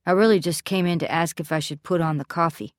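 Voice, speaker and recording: A woman voicing a frightened young boy in a quiet, tense, plainly spoken way, recorded dry and close. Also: lowish voice, fairly even intonation, fast, no echo, lightly acted. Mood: scared.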